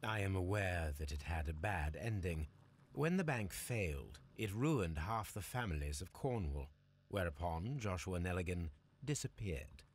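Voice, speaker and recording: An actor playing a measured, formal male detective in a game. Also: low voice, animated, slightly rough, heavily acted.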